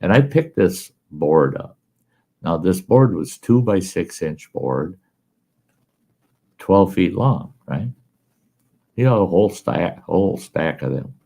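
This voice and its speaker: A man telling a folksy story in casual, animated style as a show host. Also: deep voice, slow pace, creaky, pauses often, slightly rough. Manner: folksy, animated yarn-spinning.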